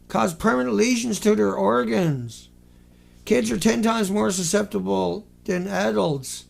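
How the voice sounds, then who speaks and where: A man hosting an online show, talking in a sarcastic, mocking commentary style with animated asides. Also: sits high, moderate pace, vocal fry.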